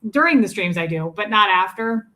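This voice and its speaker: Co-host, woman in her forties, bright tone, blunt and candid, casual stream chat. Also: medium pitch, animated, brisk. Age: 40s. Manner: candid, blunt, swears freely. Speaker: co-host of a livestream. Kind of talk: casual chat reading viewer comments.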